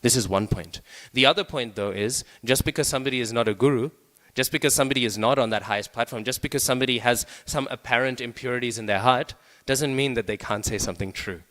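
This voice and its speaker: A man's voice: medium pitch, fast, few pauses, a bit bright. A man giving a scripture class in a conversational way, often checking in with the listeners. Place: temple hall. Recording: long reverb of a temple hall.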